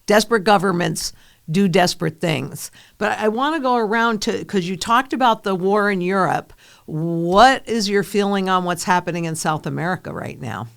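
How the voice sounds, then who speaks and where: A woman's voice: mid-range voice, animated, normal speed, vocal fry. A woman in her fifties hosting an interview, asking questions conversationally and agreeing with her guest. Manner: conversational, agreeable, short affirmations. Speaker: interview host.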